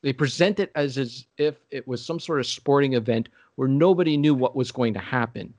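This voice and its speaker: A man in casual chat, rambling and halting with many restarts and fillers. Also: medium pitch, darkish tone, dry recording.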